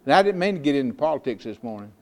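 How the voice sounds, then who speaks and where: An older man, preaching in a folksy storytelling way that swells into loud, emphatic declarations. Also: mid-range voice, big pitch swings, rapid-fire, a little hiss or hum. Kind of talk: sermon.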